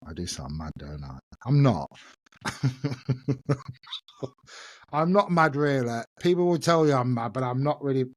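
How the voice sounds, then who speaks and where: Chatty bloke in his fifties, solo podcast, laughs at himself a lot, dry close sound, middling pitch. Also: very animated, unhurried, pauses often, no echo. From England. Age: 50s. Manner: chatty, self-mocking, laughs often. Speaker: podcast host. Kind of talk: casual solo chat.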